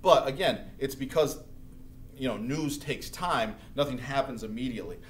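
A man teaching high school history in a casual, chatty lecture, acting out historical figures as he goes. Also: normal speed, slight background noise. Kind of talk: recorded classroom lecture. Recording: echoey room recording.

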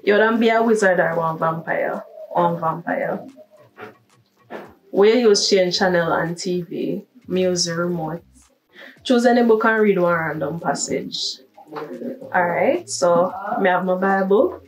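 A woman's voice: on the low side, measured pace, pauses often, distant mic, slight background noise, poor audio. A young woman with a Jamaican accent, chatting upbeat in a casual accent-tag vlog. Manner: chatty and upbeat, switching into patois. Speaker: vlogger.

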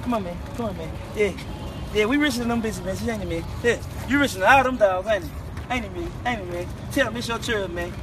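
A man's voice: high voice, fast talker. A young man, bragging and trash-talking in a casual phone video, repeating short phrases over and over. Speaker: rapper posting social media clips. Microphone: phone camera. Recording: outdoor street noise, passing cars.

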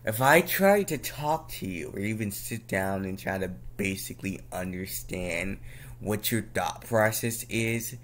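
Young dude venting on a vlog, repeats himself, flares up loud now and then. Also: male voice, lowish voice, animated, measured pace. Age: young adult. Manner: venting, frustrated, with sudden loud outbursts; slangy, repeats himself, laughs at his own jokes. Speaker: vlogger. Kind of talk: casual ranting monologue.

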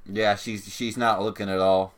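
A man's voice: lowish voice, little pitch movement, moderate pace. A man co-hosting a casual gaming livestream, laid-back and dry, talking through a bout of hiccups. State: has the hiccups. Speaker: livestream co-host.

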